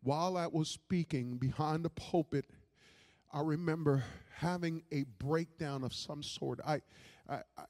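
Impassioned high-voiced male preacher. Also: measured pace, in a large hall. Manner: impassioned, repeats words, swings from loud to hushed. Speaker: pastor. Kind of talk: testimony sermon.

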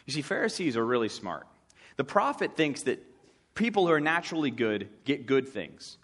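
Male preacher, relaxed sermon delivery, wry humor, mid-range voice. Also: mid-range voice, moderate pace, breathy edge. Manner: conversational, wry storytelling with acted asides.

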